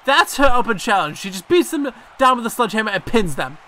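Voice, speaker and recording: A man's voice: very animated, quick pace, bright, forceful tone, heavily acted. A man voicing a cocky Irish woman wrestler in a mock Irish accent, delivering a defiant video game promo with brash trash talk. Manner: brash trash talk, higher than his own voice.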